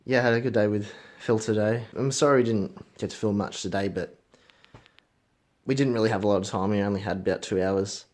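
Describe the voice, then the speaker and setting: A man's voice: on the low side, steady tone, fairly quick, darkish tone. A man vlogging casually, chatting to his pets and signing off to his viewers. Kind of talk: casual vlog chat.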